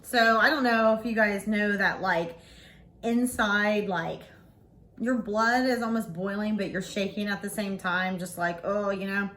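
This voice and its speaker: A woman in her forties telling a story to camera in a casual vlog, blunt and animated, swearing freely. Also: mid-range voice, a little slow, a little hiss or hum. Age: 40s. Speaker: vlogger.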